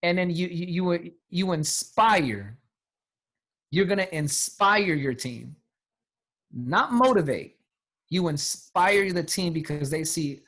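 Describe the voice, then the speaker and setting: Higher-voiced guy pumping up his sales team, slangy and emphatic. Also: lively intonation, takes it slowly, fairly bright tone. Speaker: sales team leader and coach. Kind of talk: motivational talk on a team call.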